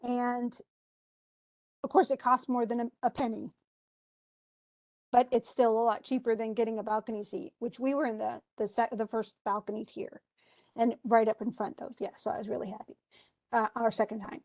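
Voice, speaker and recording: Woman teacher explaining a play to a class, kinda high voice, talks loose and chatty, keeps restarting. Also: little pitch movement, moderate pace, pauses often, a little mellow. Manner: chatty, restarts often, reads lines aloud with emphasis.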